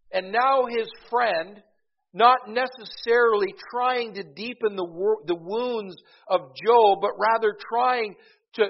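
A man delivering a sermon, talking conversationally and doubling back over his words. His voice sits high and grows louder when he presses a point. The recording is muffled and lo-fi. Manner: conversational, repeats words, rises in volume for emphasis. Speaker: preacher. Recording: dull, lo-fi recording.

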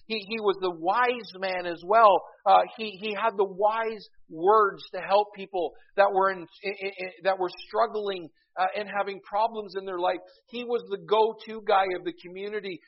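A man preaching a sermon in a conversational way, often repeating words as he goes and swelling louder for emphasis. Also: high voice, steady tone, moderate pace, few pauses. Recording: dull, lo-fi recording.

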